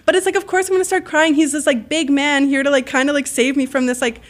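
A woman telling stories as a podcast guest, animated and freely swearing, acting out the voices of people she quotes. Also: high voice, fast talker. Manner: heavy use of "like" fillers. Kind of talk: casual storytelling.

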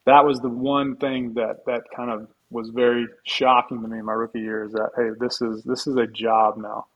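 A middle-aged man with an ordinary mid-range voice, sitting in as a guest on a podcast. He tells long, rambling stories in a relaxed way, often restarting his sentences and adding humble asides. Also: mid-range voice, normal speed, muffled recording. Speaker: guest, former football player. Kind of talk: casual storytelling in a podcast interview.

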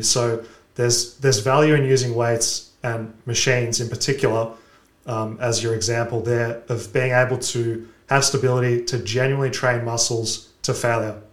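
A man with an ordinary mid-range voice explains training advice step by step in a casual podcast chat. His delivery is methodical and instructional. The sound is roomy and echoey. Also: medium pitch.

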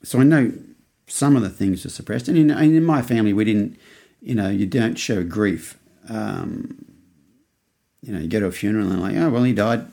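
A man's voice: fairly low pitch, moderate pace, gravelly, warm tone. An Australian man in his fifties, hosting a podcast and telling a rambling story in a casual way. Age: 50s. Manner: rambling, with many restarts and acted-out quotes. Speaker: podcast host.

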